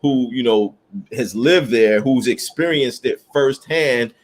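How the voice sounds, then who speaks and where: Brief: man, podcast host, mid-pitched, steady and explanatory. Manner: measured, explanatory, agreeing. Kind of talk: casual podcast chat.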